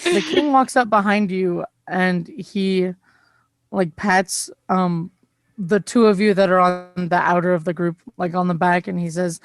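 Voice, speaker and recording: A woman narrating a tabletop game as game master, relaxed and hesitant, with many pauses. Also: on the low side, dry recording.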